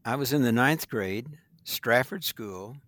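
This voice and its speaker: An older man from Missouri, a guest attorney, telling stories in a folksy, unhurried way in an interview. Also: medium pitch, animated, fairly bright tone, dry recording. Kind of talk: storytelling in an interview.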